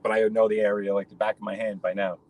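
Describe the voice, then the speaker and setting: A man's voice: on the low side, flat delivery, fast, darkish tone, poor audio. Chatty New man talking while driving. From New York. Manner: rambling, chatty, addresses viewers by name. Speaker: live-stream host. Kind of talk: casual chat while driving. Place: in a car.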